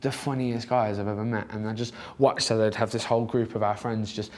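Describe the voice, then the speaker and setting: A man's voice: on the low side, fairly even intonation, fairly quick, a little mellow. A young man answering interview questions in a casual, hesitant way, with lots of filler words. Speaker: interview guest, comedian.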